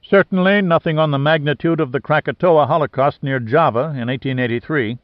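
A man reading the part of a precise, measured male scientist giving a technical briefing. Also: a little high, no room sound, close to an everyday voice. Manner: precise, explanatory. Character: measured male volcano scientist, matter-of-fact. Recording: dry, slightly dull lo-fi sound.

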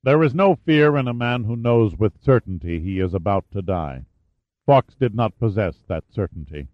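A man narrating an action thriller audiobook in a steady, dramatic storytelling manner. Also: fairly low pitch, moderate pace, no echo, lo-fi sound.

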